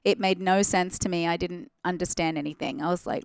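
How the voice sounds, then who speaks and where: A woman's voice: on the low side, lively intonation, fairly quick, hardly any pauses, smooth, no room sound. A woman in her forties with an Australian accent, chatting as a guest in a studio interview and laughing often. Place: radio studio.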